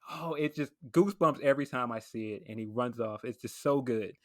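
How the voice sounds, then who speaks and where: A man's voice: medium pitch, fairly quick, a bit bright, dry recording. A man hosting a casual podcast, gushing enthusiastically about a film and comparing it to wrestling. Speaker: podcast host.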